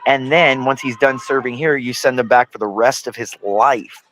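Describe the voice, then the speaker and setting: A man's voice: medium pitch, normal speed, fairly bright tone, a little hiss or hum, low-quality recording. Man arguing emphatically on a stream. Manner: emphatic, argumentative, says dude often. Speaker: livestream co-host. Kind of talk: casual live commentary.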